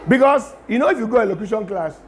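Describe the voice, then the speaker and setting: A middle-aged Nigerian man with a Nigerian accent, giving a lively lecture to students and mixing in pidgin asides. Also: high-pitched, fast talker, slight background noise. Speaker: guest lecturer.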